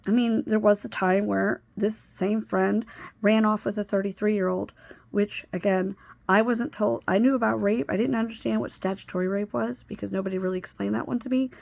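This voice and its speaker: A woman's voice: medium pitch, steady tone, moderate pace, gravelly, darkish tone, no room sound. A woman telling a personal story in a casual, candid way, blunt and swearing freely. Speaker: vlogger recounting a personal story.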